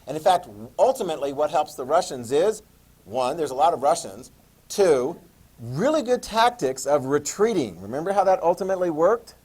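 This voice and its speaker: Lively male history teacher lecturing. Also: a little high, moderate pace, breathy edge, poor audio. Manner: animated, talks to students, jokes and asks questions. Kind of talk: classroom lecture.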